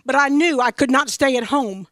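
A woman's voice: high voice, normal speed, fairly bright tone, no echo, clean studio sound. A middle-aged woman from Missouri giving an earnest, emphatic spoken testimony about her faith as a grieving mother.

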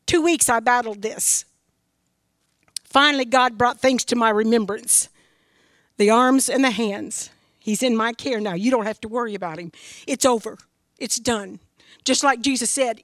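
A woman's voice: a little high, a little slow, fairly bright tone, no echo, clean studio sound. A middle-aged woman from Missouri giving an earnest, emphatic spoken testimony about her faith as a grieving mother.

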